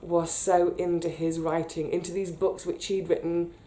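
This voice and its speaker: A British woman telling a personal story in a chatty, animated way, getting emotional as she recalls it. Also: lowish voice, moderate pace. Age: 30s. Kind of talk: casual storytelling monologue.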